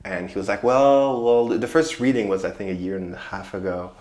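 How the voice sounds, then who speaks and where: A man from French Canada with a strong Quebec French accent, speaking haltingly in an interview as a performer. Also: low-pitched, fairly even intonation, a little mellow, roomy sound. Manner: halting, restarts phrases often.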